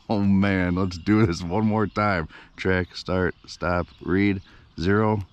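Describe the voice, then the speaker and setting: A man vlogging outdoors by a river, excited and breathless, saying he is shaking with excitement and often calling out to his viewers. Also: deep voice, slow, smooth. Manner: excited, breathless exclamations and repeated "you guys". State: shaky with excitement. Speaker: vlogger running a radio-controlled boat. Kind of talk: excited outdoor vlog commentary.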